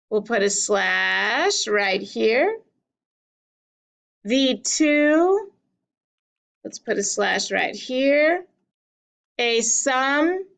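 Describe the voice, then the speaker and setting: Woman, teacher, slow deliberate pace, gravelly fry, explanatory lesson. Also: medium pitch, fairly bright tone, low-quality recording. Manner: slow, deliberate, stretches key words. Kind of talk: classroom lesson at a whiteboard.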